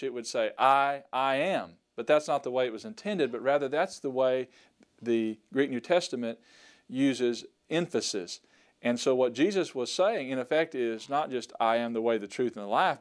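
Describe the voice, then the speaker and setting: A man teaching a recorded Greek lesson, speaking slowly and deliberately and repeating each word and meaning for his students. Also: mid-range voice, clear, resonant tone. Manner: slow, deliberate, repeats words for emphasis.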